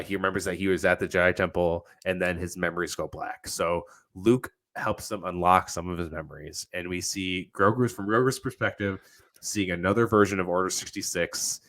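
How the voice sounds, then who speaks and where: Excitable low-voiced man on a podcast. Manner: excitable, swears a lot, acts out characters' lines. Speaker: podcast co-host. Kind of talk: casual podcast chat.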